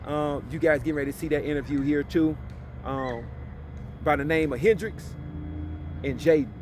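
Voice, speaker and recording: A man's voice: on the high side, moderate pace, noisy background. A middle-aged man from Illinois telling a personal story in a loose, slangy vlog monologue, leaning on "you know what I'm saying". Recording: loud music under the voice. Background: loud music.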